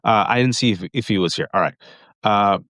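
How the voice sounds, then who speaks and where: A man hosting a political livestream, talking fast and emphatically, often repeating his points. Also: on the low side, fairly bright tone, dry recording, studio quality.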